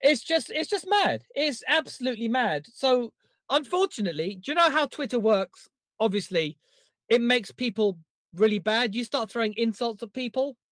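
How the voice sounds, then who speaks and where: A podcast co-host telling stories in a lively, irreverent way. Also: mid-range voice, normal speed, dry recording. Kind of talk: casual chat.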